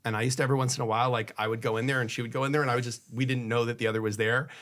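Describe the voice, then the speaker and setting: In a racing, flat delivery at medium pitch, a divorce attorney talks frankly and conversationally about marriage. He plays out lines for both husband and wife, and his voice goes soft and hushed when he tells a story of his own.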